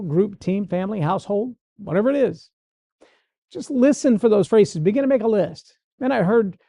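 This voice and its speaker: A man's voice: sits high, warm tone, no room sound. A man hosting a show, giving a folksy motivational talk and acting out the voices he quotes. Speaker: motivational speaker and podcast host.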